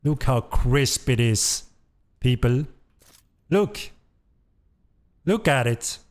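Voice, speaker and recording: A man's voice: medium pitch, expressive, very slow. A man hosting a game developer stream, giving enthusiastic live commentary as he plays and repeating his praise. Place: at a computer playing the game.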